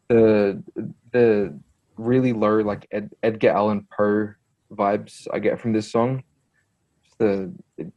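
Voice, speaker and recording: A man's voice: on the low side, warm tone. A man co-hosting a podcast in casual chat, hesitant and searching for words as he talks music. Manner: hesitant, many fillers and restarts.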